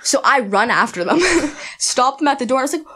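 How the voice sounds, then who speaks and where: A young woman, a guest and aspiring wrestler, telling a story in a rapid, animated casual chat full of fillers. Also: high voice.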